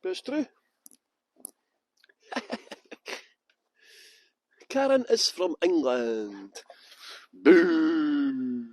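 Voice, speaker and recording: Upbeat male tour guide, high and animated, joking with viewers, dry close phone sound. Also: drawn-out words, long pauses, dry recording. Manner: chatty, jokey, greets viewers by name. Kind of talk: live-streamed walking tour. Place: outdoors at a historic cottage.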